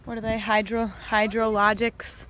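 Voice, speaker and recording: A woman's voice: mid-range voice, flat delivery, normal speed, a bit bright, slight background noise. A woman, a friend of the vlogger, bantering playfully and giggling outdoors by a garden. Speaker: friend and guest on the vlog. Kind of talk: casual chat.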